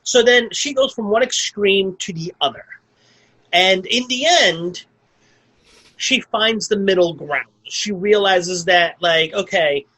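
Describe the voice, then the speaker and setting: A man's voice: high-pitched, slow, sharp tone, rough recording. A man co-hosting a podcast, recapping a film in casual chat, rambling with lots of "like" and restarts. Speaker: podcast co-host. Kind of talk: casual movie review chat.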